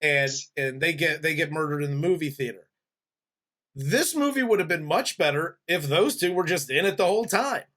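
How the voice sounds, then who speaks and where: A man in his forties hosts a relaxed movie review chat, easygoing and often laughing. His voice sits a bit higher than most men's. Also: normal speed. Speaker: podcast host.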